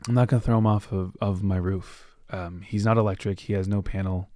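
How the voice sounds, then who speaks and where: Casual low-voiced podcast host. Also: male voice, steady tone, dark tone, no room sound, studio quality. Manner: rambling, acts out characters with quick voices. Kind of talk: casual book recap monologue.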